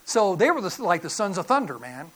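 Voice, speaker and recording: A middle-aged man preaching a sermon, telling stories in an animated, folksy way with sudden loud bursts and quiet drops. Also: sits high, a little fast. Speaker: pastor.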